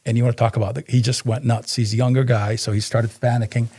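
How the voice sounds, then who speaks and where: Speaking quickly in a mid-range voice, a man who co-founded a business tells stories as a podcast guest. It's a casual interview, and he's an animated storyteller who performs the dialogue himself.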